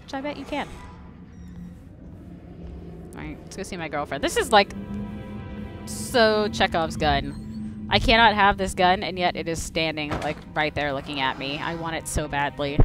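Over music, a low-voiced young streamer cracks jokes while working through a horror game, talking to herself and her audience. She stays animated at a moderate pace but lets long pauses fall between remarks.

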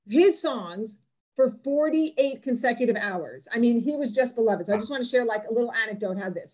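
A woman with a fairly high voice gives an informal online talk. She rambles in a friendly way, with lots of "like" and false starts. Her voice comes through a video-call mic. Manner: chatty, many fillers and restarts. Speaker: presenter on Israeli music.

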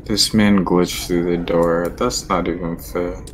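A man playing a co-op horror game with a friend, making laid-back, low-key remarks in casual chat. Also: flat delivery, measured pace. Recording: hissy noisy mic.

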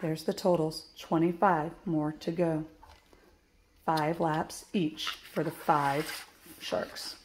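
A woman teacher reading a children's picture book aloud at a slow, careful pace. She stops to explain each subtraction step clearly. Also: deep voice, fairly even intonation, a little hiss or hum. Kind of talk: children's book read-aloud with math lesson.

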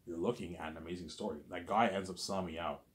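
A young man with a very low voice rambles through a casual story, circling back with the same filler phrases. His delivery is loose and unhurried. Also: steady tone. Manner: rambling, repeats "you know what I'm saying".

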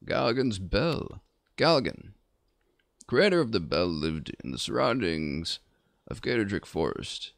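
A man's voice: on the low side, very animated, slow pace, vocal fry, no echo, clean studio sound, exaggerated voice. A man streaming a game, reading an old man character's dialogue aloud in a put-on old man voice. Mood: musing.

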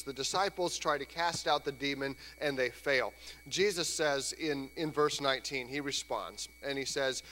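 A man preaching a sermon in a church, conversational and lively, sometimes acting out voices. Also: a little high, normal speed. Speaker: pastor. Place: church sanctuary. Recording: church hall reverb, faint hum.

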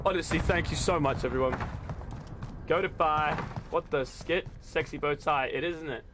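Excitable high-voiced man streaming a game. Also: moderate pace. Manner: excitable, profane banter with chat. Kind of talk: live gameplay commentary. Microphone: desk microphone. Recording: noisy stream audio with clicks.

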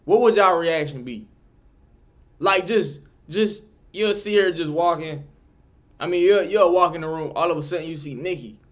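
A man's voice: a little high, moderate pace. A young man giving casual, hyped reaction commentary in slangy street talk. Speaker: reaction streamer.

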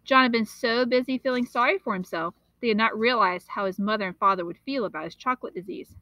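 A woman reads a children's novel aloud in an expressive, steady way, with a bright, slightly high voice. The sound is dry and close. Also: quick pace, dry recording, poor audio. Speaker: teacher reading aloud.

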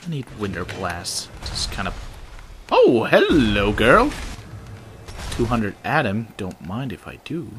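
A man giving casual let's-play commentary, excitable and sarcastic, swearing at the game. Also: on the low side, normal speed, hardly any pauses, a little hiss or hum. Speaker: gaming video host.

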